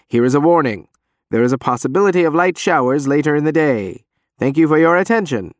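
A man voicing a talking loudspeaker box giving cheery public announcements. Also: fairly high pitch, expressive, fairly quick, no room sound, clean studio sound, voice pushed up, close to an everyday voice.

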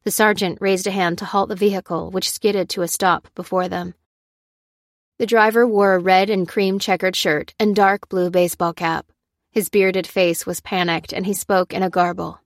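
A woman narrating a work of fiction in a steady storytelling voice. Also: mid-range voice, normal speed, dry recording, clean studio sound. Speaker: audiobook narrator.

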